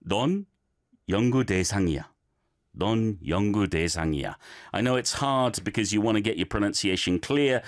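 A man teaching, giving chatty, encouraging feedback on learners' recorded clips with plenty of fillers. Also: fairly low pitch.

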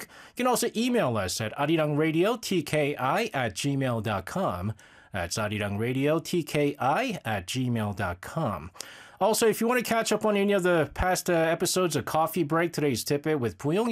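A man hosting a radio show, chatting casually and rambling while reading listener messages, often laughing. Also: mid-range voice. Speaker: radio host.

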